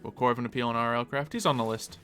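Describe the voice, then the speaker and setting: A man's voice: medium pitch, fairly even intonation, fast talker, bright, forceful tone, soft background music. A man streaming a game live, chatting casually and answering viewers as he plays. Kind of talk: casual live-stream chat while gaming.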